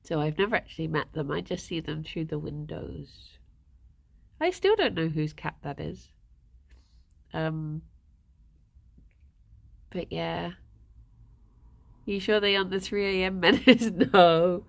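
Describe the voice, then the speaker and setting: A woman's voice: lowish voice, expressive, slow pace, gravelly, long pauses. A woman, livestreaming and chatting casually with viewers, rambling and laughing often.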